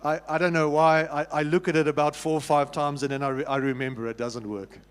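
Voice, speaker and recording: Pastor, South African man, high voice, chatty sermon delivery, church hall reverb. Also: fairly even intonation, brisk, clear, resonant tone. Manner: conversational preaching with repeated restarts and questions to the congregation. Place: church sanctuary.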